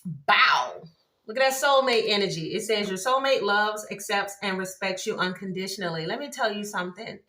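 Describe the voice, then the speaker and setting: A woman's voice: medium pitch, fairly quick, hardly any pauses. A woman, giving a casual tarot reading to viewers, exclaiming at the cards as she turns them. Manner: excitable, exclaims at cards, laughs often. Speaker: tarot reader.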